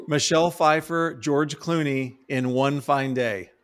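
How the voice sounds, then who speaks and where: A man's voice: a little high, slow pace, smooth. A man co-hosting a movie review podcast, playful and theatrical in casual chat. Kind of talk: casual film discussion.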